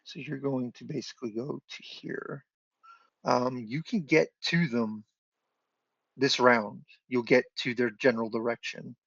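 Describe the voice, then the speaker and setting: A man running an online tabletop game as dungeon master, giving measured rulings and thinking aloud. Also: medium pitch, steady tone, creaky, fairly bright tone, slightly rough, no echo. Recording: dry lo-fi online call audio.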